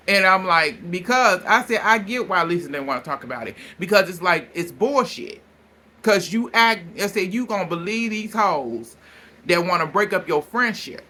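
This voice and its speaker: A man recapping a reality show in a casual vlog, animated, gossipy and bluntly profane, breaking into laughs as he retells scenes. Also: high-pitched, moderate pace. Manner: breaks into laughter while recounting.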